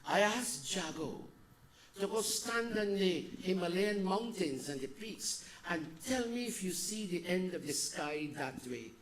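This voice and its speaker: A man giving a devotional sermon as a spiritual teacher, swinging between loud exhortation and soft, slow murmurs. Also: sits high, animated, a crowd in the background.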